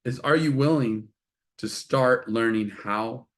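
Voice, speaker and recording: A man's voice: mid-range voice, slow pace. A middle-aged man co-hosting a casual talk show, speaking earnestly and confessionally, often acting out remembered conversations. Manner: earnest, confessional, acts out quoted exchanges. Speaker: co-host. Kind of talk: casual chat.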